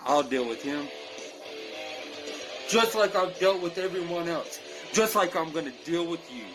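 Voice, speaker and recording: A man delivering a boastful, menacing wrestling promo, slow and deliberate. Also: fairly high pitch, lively intonation, low-quality recording. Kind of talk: scripted wrestling trash-talk promo. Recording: guitar music playing loudly behind.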